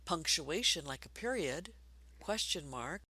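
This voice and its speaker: A woman teaching a basic reading lesson for adults, patient and encouraging, speaking slowly and clearly. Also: sits low, expressive, pushed and bright, dry recording.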